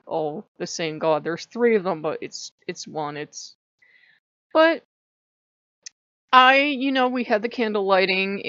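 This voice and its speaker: A woman vlogging from home in casual chat, animated and prone to laughing as she tells a story. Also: medium pitch, no echo, dull audio.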